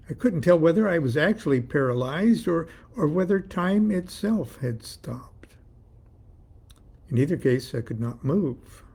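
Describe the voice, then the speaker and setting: Male author narrating his story, wry delivery, raspy voice, somewhat high. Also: a little mellow. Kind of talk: reading his own story aloud.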